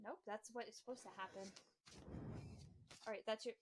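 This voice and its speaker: A woman's voice: a little high, steady tone, moderate pace. Chatty Maine woman telling stories. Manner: chatty, storytelling, giggly asides. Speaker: podcast co-host. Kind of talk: casual chat.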